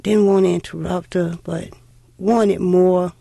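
A middle-aged woman telling a heartfelt personal story in an unhurried way, acting out old conversations. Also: fairly low pitch, steady tone, gravelly, warm tone, no echo. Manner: unhurried, heartfelt, acts out dialogue. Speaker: interviewee.

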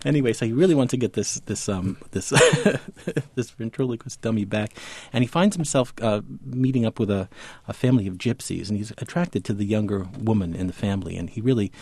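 A man's voice: on the low side, expressive, a little fast, a little mellow, husky, no echo. A man talking about a book as a guest, chuckling often, rambling a little, and reading excerpts aloud. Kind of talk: casual book talk with read-aloud excerpts.

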